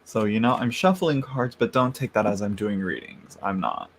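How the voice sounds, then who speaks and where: A man's voice: fairly low pitch, expressive, normal speed, noisy background. Chatty man rambling on a livestream. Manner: chatty, rambling, laughs often, greets viewers by name. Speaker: tarot livestream host. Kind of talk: casual livestream chat. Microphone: large microphone.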